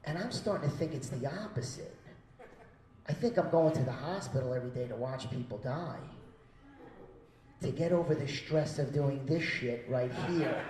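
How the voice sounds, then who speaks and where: A man doing a stand-up comedy set, profane, with loud acted-out quotes. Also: mid-range voice, moderate pace, roomy sound, distant mic, poor audio. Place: small comedy venue.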